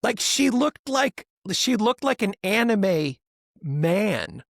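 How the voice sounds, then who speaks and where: Animated gravelly man, rambling chat. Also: high voice, slow pace, dry recording, studio quality. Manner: rambling, animated, mimics voices for laughs. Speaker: podcast co-host. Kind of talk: casual chat.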